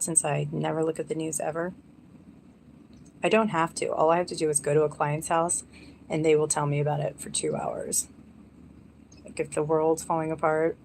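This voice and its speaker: A woman's voice: low voice, creaky, a little mellow, a little hiss or hum. A young woman rambling casually on a live stream, chatty and self-mocking.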